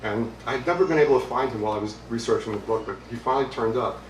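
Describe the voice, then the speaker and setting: A man's voice: mid-range voice, quick pace, a little hiss or hum. A middle-aged man from Brooklyn, an author reading from his book at a bookstore, with conversational, hesitant asides. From Brooklyn, New York. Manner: conversational, hesitant with fillers, amused. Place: bookstore, indoors, with audience. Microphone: distant mic. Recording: roomy, distant mic, faint ambience.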